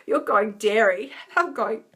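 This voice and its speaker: A woman's voice: a little high, lively intonation, unhurried, fairly bright tone. A woman, a health coach chatting casually with viewers on a live stream, laughing often and giving encouraging advice.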